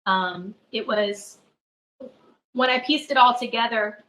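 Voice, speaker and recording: A middle-aged woman, a spiritual advisor, tells a personal story as a podcast guest, earnest and halting, often restarting her phrases. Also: a little high, pushed and bright, rough recording.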